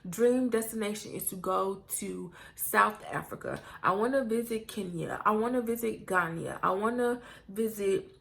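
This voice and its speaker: A young American woman vlogging in a casual Q&A. Her voice has a gravelly, creaky edge. She talks bluntly and candidly, swearing freely as she goes. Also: medium pitch, normal speed, fairly bright tone. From United States. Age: young adult. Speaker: YouTuber. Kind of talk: casual get-to-know-me Q&A.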